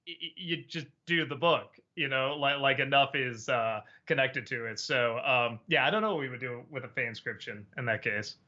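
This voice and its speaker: A man's voice: mid-range voice, pushed and bright, lo-fi sound. A man hosting a casual live-stream chat, stammering a little and laughing often. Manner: chatty, stammering, quick laughs. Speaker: host.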